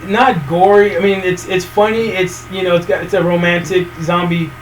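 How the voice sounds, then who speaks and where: A man hosting a casual podcast, rambling and swearing as he retells movie scenes and acts out characters in quick funny voices. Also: sits high, little pitch movement. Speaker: podcast host. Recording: distant mic with faint room noise.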